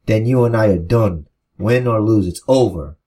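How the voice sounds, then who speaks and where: A man's voice: fairly low pitch, normal speed, dark tone, close to an everyday voice. A man voicing a proud male wrestling champion, firm and fed up.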